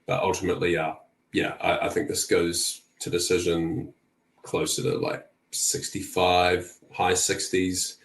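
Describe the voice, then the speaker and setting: A man who is a guest on a casual betting podcast, talking through his picks in a relaxed way that is full of "um" and "like.". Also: low voice, a little slow, creaky, roomy sound, a little hiss or hum. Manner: relaxed, lots of "um" and "like".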